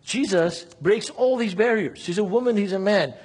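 A man's voice: sits high, moderate pace, darkish tone, breathy edge. A man preaching a sermon with passion, throwing rhetorical questions at his listeners. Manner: impassioned, fires rhetorical questions at the audience.

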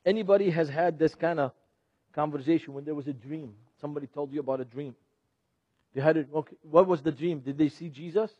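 A middle-aged man, a ministry speaker teaching an audience in a sermon style. He talks in an animated way, laughs often and puts questions to the audience. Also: on the high side, brisk, slightly rough, no room sound. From Lebanon. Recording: dull, dry lo-fi recording.

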